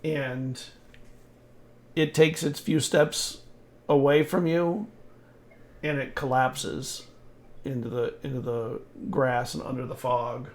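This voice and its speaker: A man narrating as game master of a tabletop game, unhurried and halting, with frequent restarts. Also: mid-range voice, fairly even intonation.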